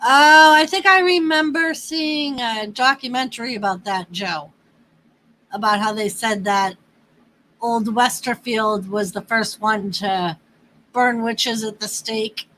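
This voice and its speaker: A woman from the northeastern United States hosting a livestream, chatting casually in a drawn-out, easygoing way with laughs. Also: on the high side, bright, forceful tone, slight background noise, low-quality recording. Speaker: livestream host. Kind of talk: casual chat with viewers and a partner.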